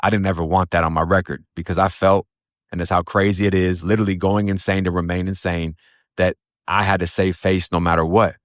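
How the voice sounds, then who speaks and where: A very deep-voiced man tells his own hard story in blunt, profane street talk. The recording is dry and close, with no room around him. He now and then quotes other people in put-on voices. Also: little pitch movement, brisk, dry recording. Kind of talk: casual first-person storytelling.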